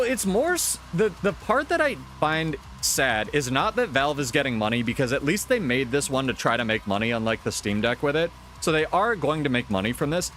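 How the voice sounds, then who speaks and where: A man's voice: fairly high pitch, a bit bright. Profane, ranting male streamer. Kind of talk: casual live-stream chat.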